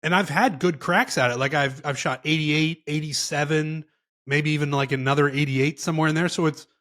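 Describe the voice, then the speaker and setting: A man's voice: fairly high pitch, fairly even intonation, a little fast, a bit bright. A man co-hosting a golf podcast, chatting earnestly in a casual way. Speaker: podcast co-host. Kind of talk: casual chat.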